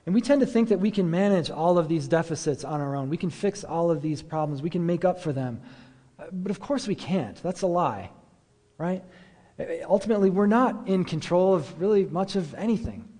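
A casual-sounding pastor in a reverberant hall. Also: male voice, high-pitched, lively intonation, brisk, dark tone. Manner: casual, many fillers, rhetorical questions. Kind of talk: conversational sermon. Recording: echoey hall with long reverb.

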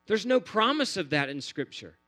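A man's voice: high voice, sing-song, moderate pace, a bit bright. A man preaching a sermon in an earnest, repetitive cadence, building phrase on phrase. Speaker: pastor.

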